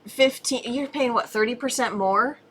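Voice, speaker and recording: Bright-voiced woman co-hosting a casual chat. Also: fairly high pitch, moderate pace, slight background noise. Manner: conversational, interjecting with short agreements. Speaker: co-host of a homesteading channel. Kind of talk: casual chat, reading viewer questions.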